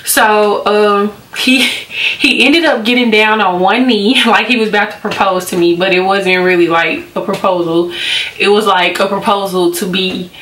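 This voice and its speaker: A woman's voice: mid-range voice, fairly even intonation, moderate pace, fairly bright tone, reverberant. A young woman chatting casually as a beauty vlogger, giggling often and using lots of fillers. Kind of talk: casual storytelling and skincare chat.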